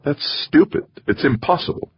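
A man's voice: normal speed, natural voice. A man voicing a shaken, angry male scientist who leads a Mars program, speaking bluntly and bitterly. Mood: indignant. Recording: muffled lo-fi recording.

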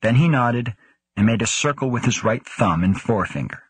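A man with a husky voice reading a story in a steady, measured way. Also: medium pitch, no echo. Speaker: audiobook narrator. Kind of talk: scripted narration.

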